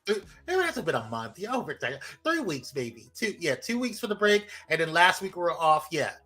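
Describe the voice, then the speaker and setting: A man's voice: a little high, fairly quick, faint music behind. Upbeat man co-hosting a live show. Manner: energetic, laughing, loose with fillers. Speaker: co-host. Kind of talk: casual live podcast chat.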